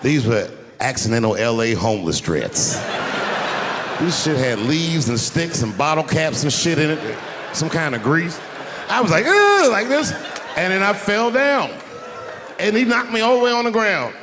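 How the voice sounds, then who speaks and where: A male stand-up comedian telling stories on a handheld mic, swinging into loud acted-out outbursts, live in a large arena with the audience laughing. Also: a little high, lively intonation, normal speed, long reverb tail, noisy background. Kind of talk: stand-up routine. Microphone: handheld stage mic. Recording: live arena with roaring crowd.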